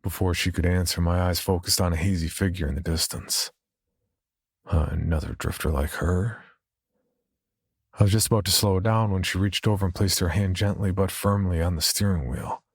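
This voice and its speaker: A man narrating a first-person horror story in a steady, measured storytelling manner. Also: low voice, husky, dry recording, studio quality.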